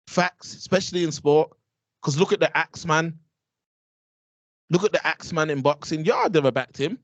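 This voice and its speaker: A man's voice: fairly high pitch, normal speed, no echo. Emphatic young English man, heavy. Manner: emphatic, repeats his points, street slang. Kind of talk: casual chat.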